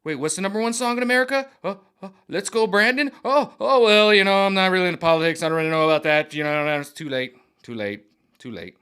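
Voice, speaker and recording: A flustered, backpedaling celebrity caricature, played by a man. The voice rises and hurries, mocking and nervous. The tone is bright. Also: sits high, lively intonation, fast, clear, resonant tone, voice pushed up. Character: impression of a famous male actor, dodging and flustered.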